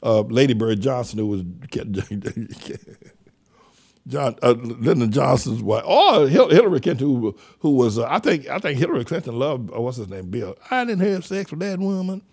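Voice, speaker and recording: This radio show host is an older man whose mid-range voice has lively intonation, a darkish tone and a breathy edge, at a normal speed. He rambles through sardonic, mocking political remarks, dropping sentences halfway and restarting them.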